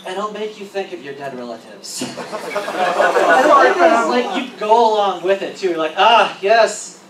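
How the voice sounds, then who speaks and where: At a convention event hall, a comedian speaks at normal speed in a mid-range voice with lively intonation, heard over a noisy crowd. The rambling, profane stand-up keeps dissolving into laughter, captured in a roomy, distant recording full of background noise.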